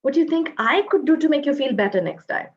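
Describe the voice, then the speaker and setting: A woman with an Indian English accent giving a parenting talk, speaking gently and modeling the phrases parents can say to their children. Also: high voice, animated, quick pace, dull audio.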